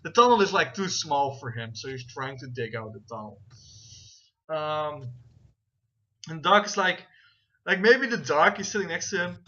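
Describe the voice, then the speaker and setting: A man's voice: on the high side, lively intonation, normal speed, pauses often, pushed and bright. A man narrating as game master, rambling with many fillers and checking rules aloud as he goes. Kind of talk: narrating a tabletop game over voice chat. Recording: dull, lo-fi voice chat with faint noise.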